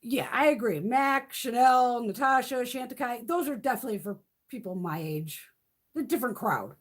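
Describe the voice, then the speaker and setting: Husky-voiced chatty woman vlogger. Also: a little high, expressive, moderate pace. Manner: chatty, swears freely, coos at her cats. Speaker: beauty vlogger. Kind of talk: casual live-stream chat. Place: home.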